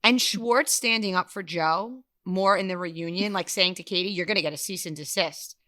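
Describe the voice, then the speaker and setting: A woman's voice: fairly low pitch, bright, forceful tone, slight background noise. A woman co-hosting a casual gossip podcast, bluntly recapping reality TV scenes. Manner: brisk storytelling recap, blunt. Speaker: podcast co-host.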